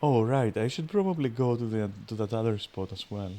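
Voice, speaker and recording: A man's voice: mid-range voice, lively intonation, fairly quick, dark tone. A man casually narrating his video game play to viewers, joking crudely and swearing often. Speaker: streamer. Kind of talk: casual gaming commentary. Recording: faint game music behind. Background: game music.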